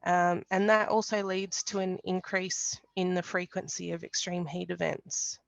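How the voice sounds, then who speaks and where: A woman's voice: fairly low pitch, level tone, creaky, dry recording. Woman presenting a climate webinar. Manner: explanatory, measured, frequent ums and restarts. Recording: dull lo-fi webinar audio.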